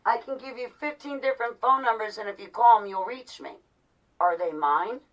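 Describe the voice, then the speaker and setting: A woman's voice: on the high side, moderate pace, a bit bright, distant mic, muffled recording. A woman in her forties ranting to her viewers in an exasperated, repetitive, pleading way. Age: 40s. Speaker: vlogger. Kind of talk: heated monologue to viewers.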